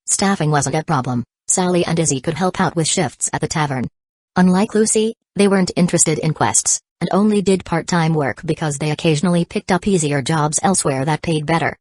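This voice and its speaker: A woman narrating a fantasy audiobook in an even, measured reading. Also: low voice, no echo. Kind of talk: scripted narration.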